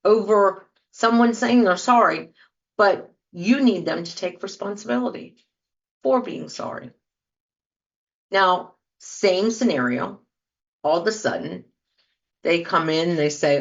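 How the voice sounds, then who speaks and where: Low-voiced woman host, slightly muffled. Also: animated, slow pace, vocal fry, pauses often. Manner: conversational, acts out sample apologies. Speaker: podcast host. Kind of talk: casual talk, speaking to listeners.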